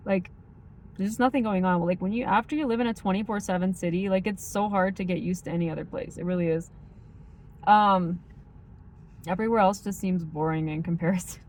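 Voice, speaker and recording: A woman with a faint Midwestern accent chatting casually as a vlogger, rambling and filling every pause with "like" and "um". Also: on the low side, a little mellow. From United States. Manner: rambling, heavy use of like and um. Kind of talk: casual chat.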